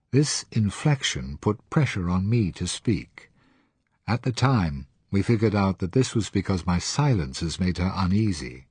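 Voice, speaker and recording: A man calmly reading a reflective first-person audiobook narration in a measured way. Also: sits low, slightly rough, dry recording.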